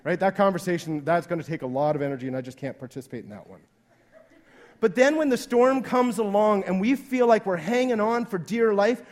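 A man's voice: sits high, brisk. A male pastor preaching a sermon in a conversational way, acting out the voices he quotes.

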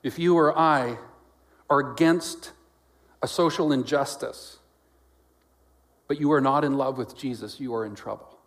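A man preaching a sermon as pastor, swinging between loud exclamations and quiet, lowered lines, and acting out quoted voices with jokes. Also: a little slow, long pauses.

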